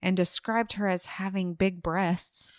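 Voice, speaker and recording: A woman co-hosting a casual true-crime podcast, telling the case in a relaxed way and laughing easily. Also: fairly low pitch, unhurried, dry recording, clean studio sound. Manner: relaxed storyteller, laughs easily, acts out quotes briefly. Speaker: podcast co-host narrating the case.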